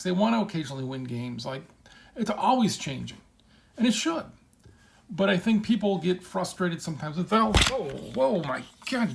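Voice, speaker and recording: Gravelly, animated man talking casually. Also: high-pitched. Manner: animated, acts out quoted voices, lots of "right?". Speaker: game developer answering a viewer question. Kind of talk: casual solo talk.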